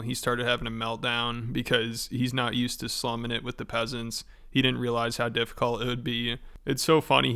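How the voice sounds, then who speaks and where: A man narrates commentary with dry sarcasm and mockery. His voice is crisp and bright, held in a fairly flat, even pitch. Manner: sarcastic, mocking. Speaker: commentary host. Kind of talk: scripted commentary.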